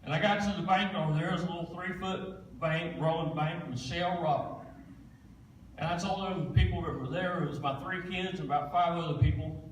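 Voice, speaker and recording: A man's voice: fairly high pitch, steady tone, brisk, a little hiss or hum. Man telling his story in a big echoey church. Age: 40s. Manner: plain-spoken storytelling, folksy Southern phrasing. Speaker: guest speaker. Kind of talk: testimony in a church service. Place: church sanctuary. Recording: echoey church room, distant mic.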